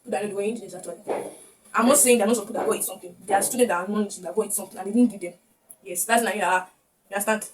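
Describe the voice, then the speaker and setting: A young woman vlogger with a Nigerian accent tells a personal story to the camera, emotional and frequently repeating herself. Her medium-pitched voice stays steady while she talks very fast. The mic is distant, with faint background noise.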